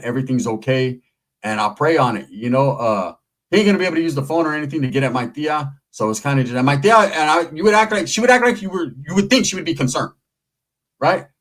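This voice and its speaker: Brief: middle-aged male vlogger, slightly high voice, profane and streetwise, loose storytelling. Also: fairly bright tone. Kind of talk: casual storytelling to camera.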